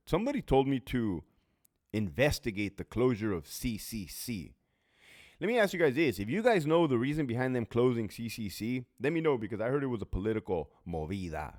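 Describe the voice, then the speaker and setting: A middle-aged man chats casually and bluntly, swearing freely and laughing at himself. His voice sits low but swings widely in pitch, animated as he tells stories from his prison job. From California. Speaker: former prison officer answering viewer questions. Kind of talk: casual Q&A chat.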